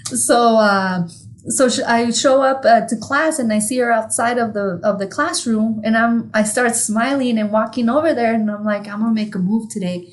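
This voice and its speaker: Speaking at normal speed in a fairly high voice, a Mexican woman who grew up speaking Spanish co-hosts a casual podcast chat. Her story rambles, is full of profanity, and is punctuated by frequent laughter.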